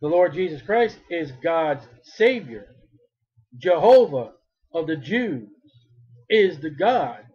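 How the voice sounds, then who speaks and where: A man's voice: on the high side, big pitch swings, takes it slowly, pauses often, a little mellow, breathy edge, dull audio. A male preacher giving a fervent sermon, repeating his phrases and rising to cries when he quotes.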